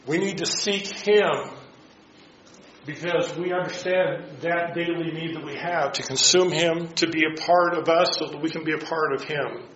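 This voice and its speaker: A man's voice: on the high side, fairly even intonation, moderate pace, fairly bright tone. A man leading a Bible study, teaching a group and putting rhetorical questions to them. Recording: dull echoey room recording.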